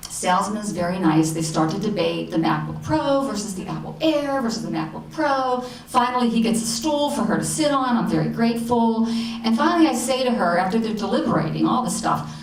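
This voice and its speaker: A middle-aged woman telling a personal story at a live show, animated and self-mocking, acting out the people in it. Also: mid-range voice, a little fast, slight background noise. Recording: roomy hall sound, distant mic, faint ambience.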